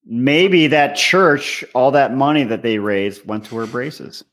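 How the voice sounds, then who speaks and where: A man's voice: mid-range voice, expressive, slow pace, fairly bright tone. A man co-hosting a casual reality-TV recap podcast, moving the talk along and groaning at crude jokes. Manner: steers the show, mock-disapproving. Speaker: podcast co-host. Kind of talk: casual comedic chat.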